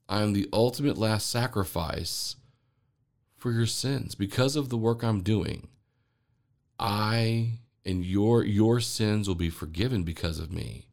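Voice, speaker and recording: A man voicing a solemn adult male teacher addressing his disciples in slow, grave proclamations. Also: fairly low pitch, vocal fry, a little mellow.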